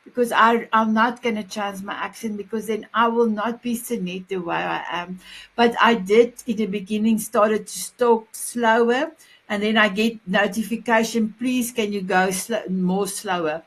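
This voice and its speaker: Lady hosting, gushing and praising, mid pitch. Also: steady tone, moderate pace, rough recording. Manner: warm, effusive, non-native phrasing. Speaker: host. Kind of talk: casual interview chat.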